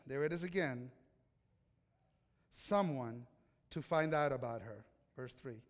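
A man with a notably high voice preaches a sermon, chatting and joking with his listeners and quizzing them as he goes. His words ring out with a long reverb, as if heard in a big hall. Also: normal speed, long pauses. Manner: conversational, joking, quizzes the congregation. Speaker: pastor.

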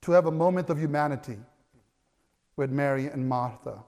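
A man with a high, bright voice preaching a sermon. He tells the story with animated energy, pushing to loud cries at the peaks and tripping over restarts now and then. A long hall reverb trails his words. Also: moderate pace. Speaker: pastor.

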